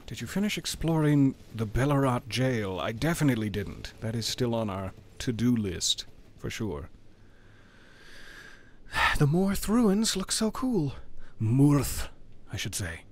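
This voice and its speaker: A man chats casually over a desk microphone as he plays a video game, dropping wry, playful asides. His voice sits at a middling pitch. A faint ambient hiss lingers under the talk. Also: very animated, unhurried. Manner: wry, playful banter with chat. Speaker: game streamer. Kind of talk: casual gameplay commentary.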